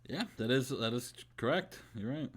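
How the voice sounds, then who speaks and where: A man's voice: mid-range voice, lively intonation, moderate pace, slightly rough. Laid-back man reacting dryly. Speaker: podcast co-host. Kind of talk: casual chat.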